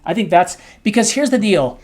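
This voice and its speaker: A middle-aged man co-hosting a podcast, talking candidly and emotionally, his voice swinging between soft and loud. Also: high-pitched, lively intonation, moderate pace. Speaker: co-host.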